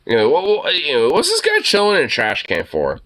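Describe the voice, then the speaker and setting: A young man riffs on a video clip in casual, profanity-heavy commentary. He often trips over his words and restarts. His voice is bright and bouncy, climbing high and dropping low as he goes. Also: wildly swooping pitch, a little fast, a little hiss or hum. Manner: profane, rambling, stammering restarts. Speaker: streamer reacting to a video.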